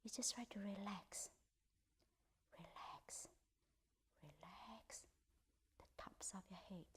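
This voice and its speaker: A woman leading a guided meditation in a soft, gentle voice that often drops to a half-whisper, with simple, repetitive instructions. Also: mid-range voice, slow. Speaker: meditation teacher.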